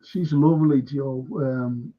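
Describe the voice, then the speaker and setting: A man's voice: mid-range voice, fairly even intonation, slow, highs cut off. A man with a Liverpool accent hosting a live history stream, chatty, jokey and a bit flustered by tech trouble. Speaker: host of a live history show. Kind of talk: casual live-stream chat.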